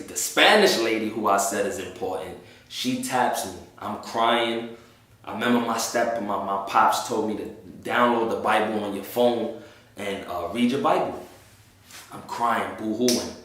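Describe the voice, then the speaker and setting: A man with a fairly low voice recounts a personal faith testimony in casual street slang, briefly acting out the voices of others. The recording sounds very echoey, as if made in a bare room. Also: measured pace, fairly bright tone, far from the mic. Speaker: testimony speaker.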